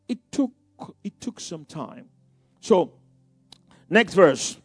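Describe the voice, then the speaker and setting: A man's voice: high-pitched, big pitch swings, takes it slowly, breathy edge, dry recording, soft background music. A middle-aged man preaching a sermon in a conversational way, with many asides and repeated phrases.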